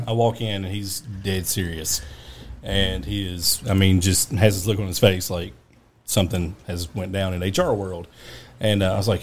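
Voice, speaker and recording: Low-voiced man telling a slow story. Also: steady tone. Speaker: podcast co-host. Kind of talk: casual podcast storytelling.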